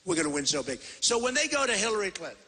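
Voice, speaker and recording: A man's voice: sits high, very animated, rapid-fire, bright, forceful tone, slightly rough. A man in his sixties giving a rambling, boastful, repetitive campaign rally speech into a podium microphone in a large convention hall. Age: 60s. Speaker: presidential candidate. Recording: reverberant hall PA sound.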